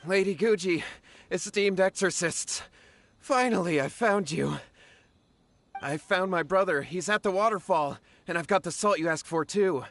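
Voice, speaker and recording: An actor playing a young villager hurrying to deliver news in a video game. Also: male voice, high voice, unhurried, a bit bright. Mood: urgent.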